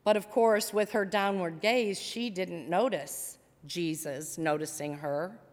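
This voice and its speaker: A woman pastor preaching a sermon, retelling a story with dramatic pauses in a church sanctuary. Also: lowish voice. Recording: long church reverb.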